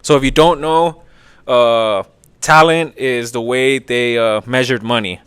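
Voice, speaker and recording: A man's voice: medium pitch, fairly even intonation, measured pace, fairly bright tone, clear, resonant tone, dry recording. A man hosting a podcast, casually retelling a story in a rambling, profane way. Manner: profane, rambling, lots of filler. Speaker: podcast host.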